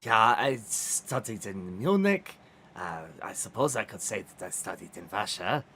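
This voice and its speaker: Pompous doctor, shaky German accent, lively pitch, a man doing the voice. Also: unhurried, heavily acted. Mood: formal. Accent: put-on German, drifting. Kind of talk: roleplay acting.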